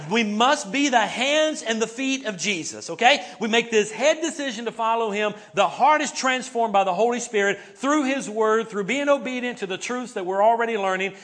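A man's voice: sits high, a bit bright. A man pastor preaching a sermon to a congregation in a church, talking conversationally, often tagging his points with "right?" and having the congregation repeat words back. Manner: conversational, many "right?" and "okay?" tags. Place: church sanctuary before a congregation.

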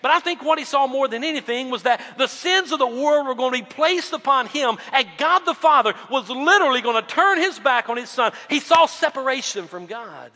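A male pastor preaching a sermon, swinging between loud emphatic lines and quiet low drops. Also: lively intonation, a little fast, few pauses, long reverb tail.

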